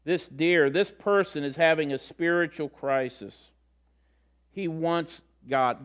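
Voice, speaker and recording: A man's voice: on the high side, takes it slowly. A middle-aged man giving a sermon as a pastor, telling stories and acting out the quotes in different voices. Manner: storytelling, acts out quotes with voices.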